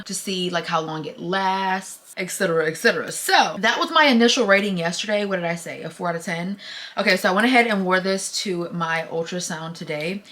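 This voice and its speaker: A young woman vlogging to camera, tired and teary-eyed, her slightly low voice running on in loose casual chatter full of "like" and "y'all". She sounds worn out but keeps talking freely. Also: sharp tone. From United States. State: tired, close to tears.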